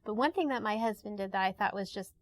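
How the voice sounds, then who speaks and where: Woman co-host, relaxed storytelling, dry close sound. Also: medium pitch, quick pace, no room sound. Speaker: podcast co-host. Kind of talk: casual chat.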